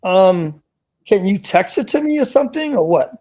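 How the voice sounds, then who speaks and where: A man's voice: high-pitched, big pitch swings, moderate pace, darkish tone. A man hosting a live online show, talking casually and insistently, repeating himself and restarting his sentences. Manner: repetitive, insistent, restarts often. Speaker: show host. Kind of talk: casual live-stream chat.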